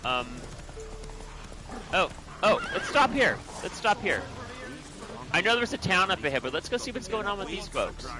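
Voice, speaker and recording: A man chatting excitedly to viewers while playing a video game. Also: high-pitched, moderate pace, long pauses. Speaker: game streamer. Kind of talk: casual gameplay commentary.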